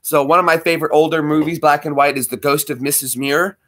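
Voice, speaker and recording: A man's voice: on the high side, fairly even intonation, fast talker, a bit bright. A man chatting casually with viewers while streaming a game, rambling and friendly. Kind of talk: casual livestream chat.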